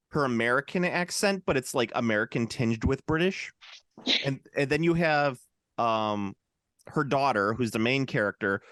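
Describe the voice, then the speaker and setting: A middle-aged man co-hosting a podcast in casual chat, rambling with lots of fillers and slipping into quick impressions. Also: mid-range voice, fairly bright tone, no room sound, studio quality. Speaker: podcast co-host. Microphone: podcast microphone.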